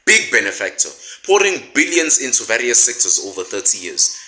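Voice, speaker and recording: A man's voice: mid-range voice, very animated, a little fast, sharp tone, rough recording. A man delivering scripted political commentary, sarcastic and indignant, full of rhetorical questions. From South Africa.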